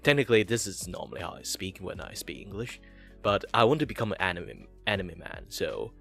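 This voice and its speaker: A man's voice: sits low, very animated, brisk, gravelly, a bit bright, soft background music. A man hosting a casual streamed chat, rambling with many fillers and restarts. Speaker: podcast host.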